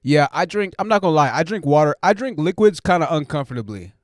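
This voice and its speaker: A man's voice: fairly high pitch, animated, fast talker, no echo, clean studio sound. A man hosting a casual live stream, joking and rambling and laughing often.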